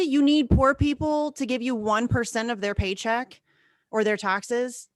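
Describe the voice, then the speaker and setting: A woman's voice: on the high side, fairly even intonation, a little slow, dry recording, clean studio sound. A woman co-hosting a podcast in casual chat, ranting in a fiery, profane way. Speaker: podcast co-host.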